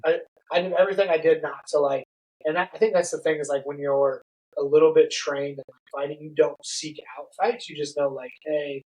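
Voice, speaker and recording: A man's voice: fairly high pitch, brisk, rough recording. A middle-aged man casually telling a story on a podcast, laughing and acting out what people said. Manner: animated, laughing, acts out quotes. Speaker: podcast guest.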